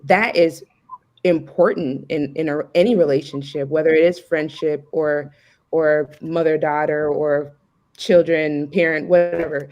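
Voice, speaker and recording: A woman's voice: sits low, fairly even intonation, unhurried, darkish tone. A young woman speaking as a guest on a talk show, reasoning her point and checking in often. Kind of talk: casual chat.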